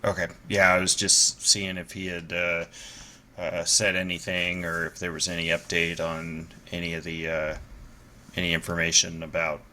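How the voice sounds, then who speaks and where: A man with a very deep, flat voice speaks in character at a tabletop game, bright in tone and halting, with plenty of "uh"s. A faint noise runs underneath. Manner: hesitant, halting, many fillers. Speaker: player.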